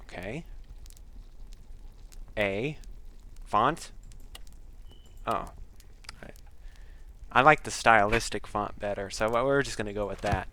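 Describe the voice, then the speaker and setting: A man's voice: lowish voice, takes it slowly, long pauses, pushed and bright, no echo. A man giving casual let's-play commentary close to a desk microphone, rambling with self-deprecating asides and breathing audibly into the mic. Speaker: game commentator.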